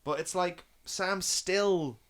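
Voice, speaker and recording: A man's voice: sits high, slow, a bit bright, clean tone. A man in a casual podcast chat, talking about a film with rambling, enthusiastic gushing. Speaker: film review podcast guest watching for the first time.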